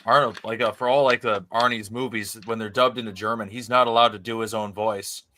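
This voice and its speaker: A man's voice: on the low side, steady tone, a little fast, pushed and bright. Man chatting over background noise. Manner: chatty, hedging with "like". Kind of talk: casual chat.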